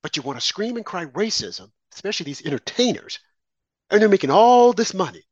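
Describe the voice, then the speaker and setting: Indignant man ranting, lively pitch. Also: fairly quick, no room sound, muffled recording. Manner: indignant, sarcastic, rising to shouts. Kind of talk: heated political commentary.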